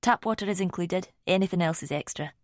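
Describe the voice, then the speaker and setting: A woman narrating an audiobook voices a guesthouse owner who speaks in a polite, brisk, homely way. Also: lowish voice, no room sound, clean studio sound, natural voice.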